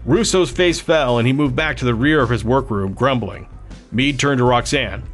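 A man narrating a novel in a steady, even storytelling manner. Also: mid-range voice, brisk, soft background music. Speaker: audiobook narrator. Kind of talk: scripted narration.

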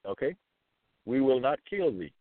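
A man reading scripture verses aloud and commenting on them, slowly repeating phrases with fillers between them. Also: mid-range voice, very animated, dry recording. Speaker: self-styled preacher. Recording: tinny phone-like line.

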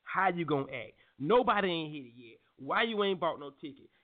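A joking, slangy man hosting a casual morning show, his voice sitting a little high. The sound is tinny and phone-like, with faint music under it. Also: animated, a little fast. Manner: loose, joking, slangy, with laughs and restarts.

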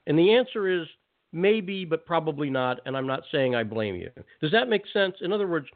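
A man hosting a call-in talk radio show, ranting casually with quick asides. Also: fairly high pitch, big pitch swings. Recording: phone-like narrow band audio.

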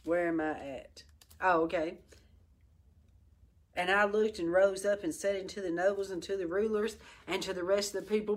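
Middle-aged woman preacher, reads scripture then fires up her listeners, voice neither high nor low. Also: fairly even intonation, moderate pace. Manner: fiery, exhorting, breaks into laughter and exclamations. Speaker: Bible study teacher. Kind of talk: Bible study teaching with scripture reading.

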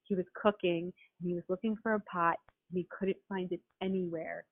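A woman's voice: lowish voice, fairly even intonation, a little fast, dry recording. Woman host on a tinny phone line. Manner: warmly encouraging, frequent affirmations. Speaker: podcast host. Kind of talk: casual interview.

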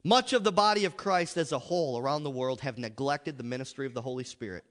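An American man preaching a revival sermon in a church, emphatic and joking, with big swings between loud and soft. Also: medium pitch, fast. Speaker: pastor. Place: large church sanctuary. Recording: long hall reverb.

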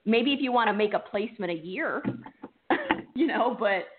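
A woman's voice: fairly high pitch, lively intonation, moderate pace, narrow, tinny audio, very noisy. A female recruiter and co-host speaking bluntly, standing firm when she disagrees. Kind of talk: casual chat.

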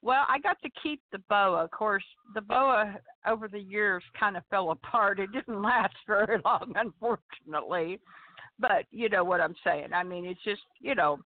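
A woman's voice: mid-range voice, normal speed. An older woman co-hosting a casual podcast, playful and chatty, telling stories. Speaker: podcast co-host. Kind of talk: casual chat. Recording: tinny phone-like line.

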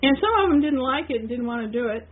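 A woman co-hosting a podcast, talking through a historical text in a casual, hesitant way with many pauses and restarts. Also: high-pitched, lively intonation, phone-quality sound. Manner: hesitant, with frequent fillers and restarts. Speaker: podcast co-host.

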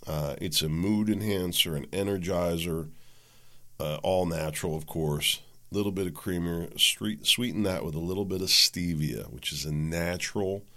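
A middle-aged man hosts his own podcast in a low voice, at a moderate pace and with a sharp tone. He talks casually and frankly in a rambling, chatty solo monologue. He's full of ums, asides and self-corrections.

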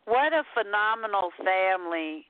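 A woman from Texas, calling in to a radio show and reading her poem slowly and deliberately. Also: mid-range voice, expressive, no room sound. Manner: slow, deliberate reading, says quote and end quote. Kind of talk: poetry reading over the phone. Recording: tinny phone line.

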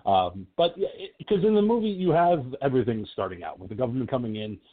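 A man's voice: mid-range voice, lively intonation, quick pace. Hesitant man on a phone-like line. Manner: hesitant, searching for words. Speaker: podcast co-host. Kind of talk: casual film discussion.

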